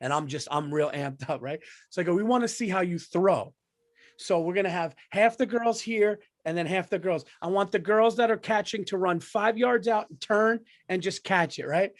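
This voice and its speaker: A middle-aged man from the United States, co-hosting a podcast and telling a story in an animated, profane way. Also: high-pitched, moderate pace, no room sound. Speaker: podcast co-host. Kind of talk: casual comedic storytelling. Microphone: studio microphone.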